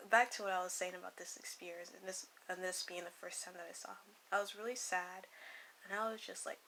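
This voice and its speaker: A woman's voice: lowish voice, fairly even intonation, fairly quick, creaky, pushed and bright, slight background noise, poor audio. A young woman telling a personal story in a casual, rambling way, often swearing and dropping into a whisper. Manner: profane, rambling, slips into whispers and laughs. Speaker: vlogger.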